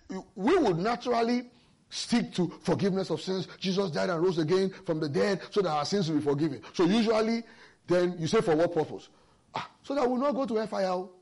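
A man preaching a sermon, explaining scripture with emphasis and personal stories. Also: sits high. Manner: lively, emphatic Bible exposition with personal stories.

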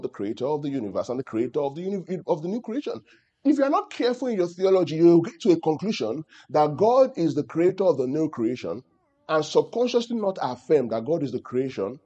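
Husky male pastor teaching with questions. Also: a little high, warm tone, lo-fi sound. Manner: calls out questions to the audience. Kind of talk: teaching sermon to a congregation.

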